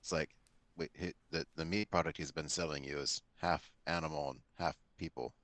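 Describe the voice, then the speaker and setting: A man talking as a player in a tabletop game, relaxed and explaining his plans at length. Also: very deep voice, fairly quick, dry recording.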